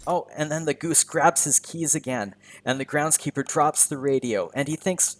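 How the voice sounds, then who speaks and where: A man's voice: a little high, moderate pace, few pauses. A man teaching English by narrating a video game in simple words, often repeating and rephrasing himself as he goes. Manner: repeats and rephrases simple sentences, self-correcting. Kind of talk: slow, simple narration of gameplay for learners.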